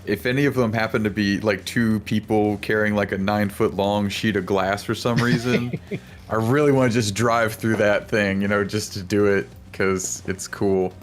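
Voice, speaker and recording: A man's voice: lowish voice, fairly even intonation, normal speed. A man playing a tabletop game, laid-back and laughing as he describes his driving. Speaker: player. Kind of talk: casual tabletop play.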